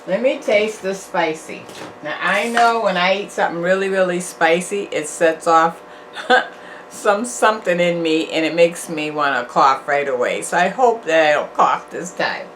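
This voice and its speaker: A woman's voice: fairly low pitch, unhurried, a bit bright, a little hiss or hum. An older woman hosting a casual food review vlog, chatty and encouraging, sometimes preachy and repetitive. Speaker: channel host, food reviewer.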